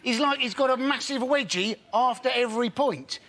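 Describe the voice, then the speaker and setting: A man's voice: very high-pitched, moderate pace, bright, forceful tone. A man on a comedy panel making chatty, mocking asides. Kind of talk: panel show stand-up banter.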